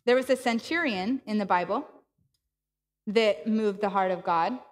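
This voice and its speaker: A woman's voice: medium pitch, a little slow, big-room sound. A woman preaching a sermon, telling a personal story with laughter and acted-out dialogue. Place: church.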